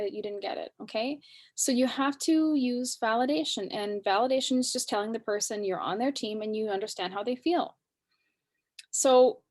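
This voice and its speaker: A woman in her thirties with a fairly high voice talks casually as a parenting coach. She often slips into short scenes and plays both the parent and the child. Her delivery stays lively and warm in tone throughout. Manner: acts out parent and child lines with lively shifts. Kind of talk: casual workshop talk.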